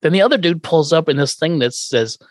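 A man casually recapping an old sitcom episode with co-hosts, acting out characters' lines in quick put-on voices and laughing often. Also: a little high, lively intonation, no echo, clean studio sound. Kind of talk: casual chat.

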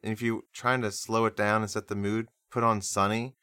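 Nasal-voiced man, smooth and dry. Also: fairly low pitch, flat delivery, brisk, bright, forceful tone, dry recording. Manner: laughs easily, rambling asides. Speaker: podcast co-host. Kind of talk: casual podcast chat.

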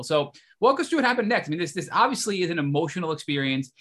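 Male podcast interviewer; bright, fairly high voice; engaged, recaps and questions. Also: big pitch swings, fast talker. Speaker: podcast host.

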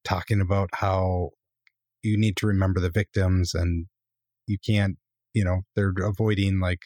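A man's voice: sits low, level tone, moderate pace, darkish tone, dry recording. A man co-hosting a podcast, rambling and opinionated, full of fillers. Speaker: podcast co-host. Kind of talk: casual chat.

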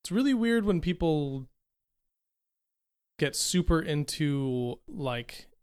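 A man's voice: a little high, big pitch swings, slow pace, a little mellow, clean tone. A man co-hosting a casual chat, curious and talkative, thinking aloud as he goes.

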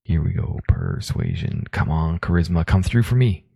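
A man with a very deep, dark, husky voice chats as a player at a tabletop game. He sounds eager and playful. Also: wildly swooping pitch, moderate pace, no room sound, studio quality.

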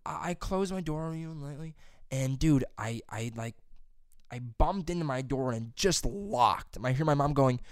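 A young man chatting casually as a podcast co-host, swearing freely and breaking into loud high-pitched impressions. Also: expressive, normal speed, smooth, no echo, clean studio sound. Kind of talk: casual chat.

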